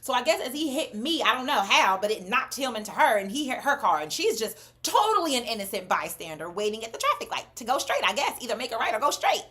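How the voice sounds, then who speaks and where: A woman's voice: fairly high pitch, big pitch swings, quick pace, hardly any pauses, pushed and bright. A woman, casually telling viewers a story on a livestream, emphatic and swearing freely. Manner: addresses viewers as "y'all" and "baby". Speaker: cosmetics brand owner livestreaming.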